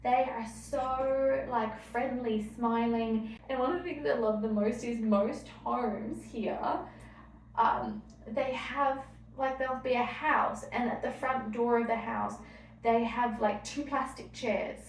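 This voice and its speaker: A woman's voice: on the high side, fairly even intonation, slow, distant mic, slight background noise. A young Australian woman, a mum, chatting reflectively in a casual travel vlog with lots of fillers. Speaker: vlogger. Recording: roomy, off-mic, light ambience.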